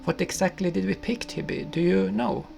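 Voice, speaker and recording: A man voicing a calm husband turned into a squirrel, reassuring and steady. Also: high voice, normal speed, faint music behind. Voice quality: gravelly.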